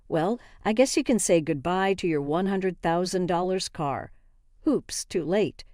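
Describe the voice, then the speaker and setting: A woman's voice: lowish voice, a little slow, darkish tone, dry recording, studio quality, natural voice. A woman voicing a smug, entitled older mother-in-law who talks in a nonchalant, dismissive way in a narrated story.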